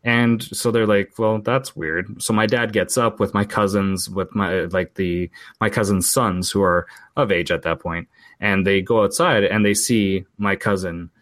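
A Portuguese man in his forties with a low, steady voice that is a bit bright tells a long family story casually at a normal speed. He rambles, often restarts sentences, and acts out the people he quotes, recorded close and dry with no room sound or echo.

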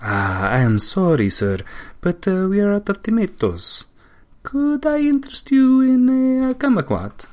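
A man's voice: sits low, monotone, takes it slowly, pushed and bright, pitched below the performer's own voice, exaggerated voice. A man putting on a put-on foreign accent to voice a polite, apologetic male shop clerk.

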